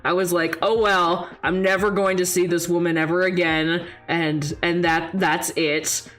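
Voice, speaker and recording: A young woman streamer telling a story in casual chat, animated, often laughing and acting out the voices of people she quotes. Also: lowish voice, moderate pace, hardly any pauses. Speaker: vtuber streamer. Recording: faint music behind the voice.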